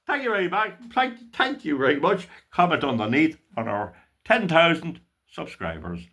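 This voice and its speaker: A man's voice: a little high, big pitch swings, normal speed, creaky, fairly bright tone. An older Irish man and channel host telling a story in a casual, playful way, with mock drama and stammered repeats. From Ireland.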